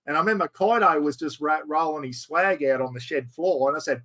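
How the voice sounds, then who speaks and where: Man, Australian accent, middle-aged, yarn-spinning host, slightly high voice. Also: brisk, hardly any pauses. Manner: yarn-spinning, animated storyteller. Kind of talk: casual chat.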